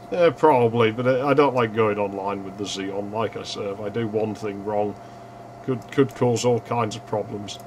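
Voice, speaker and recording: A man casually commenting while streaming a retro game, swearing freely and yelling at the screen now and then. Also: on the low side, unhurried, slight background noise.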